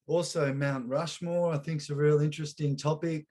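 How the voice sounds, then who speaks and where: A man's voice: on the high side, fairly even intonation, moderate pace, darkish tone. A man hosting a casual chat, laid-back and matey. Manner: laid-back, matey, calls guest mate and brother. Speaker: podcast host.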